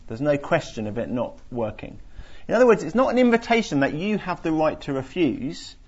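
A man's voice: a little high, big pitch swings, a little fast, slightly rough. A man giving an earnest Bible teaching talk to a group, explaining with many restarts and fillers. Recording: dull lo-fi recording.

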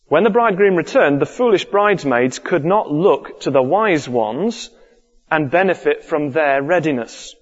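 A man's voice: on the high side, animated, moderate pace. A man preaching a sermon earnestly, repeating his key points. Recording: dull lo-fi recording with long hall reverb.

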